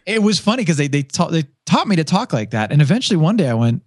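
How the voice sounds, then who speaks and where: A man's voice: a little high, fast, no echo, clean studio sound. A man who once worked as a radio DJ, talking casually as a podcast guest and acting out the voices in his stories. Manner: animated storyteller who acts out quoted voices.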